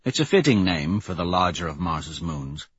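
Husky-voiced male audiobook narrator. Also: sits low, big pitch swings, normal speed, no echo, lo-fi sound. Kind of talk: scripted first-person audiobook narration.

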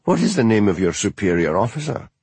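A man's voice: fairly low pitch, sing-song, fast talker, darkish tone, slightly rough, dry recording. A man voicing a prissy, haughty newcomer who talks down to people. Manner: prim, haughty, superior.

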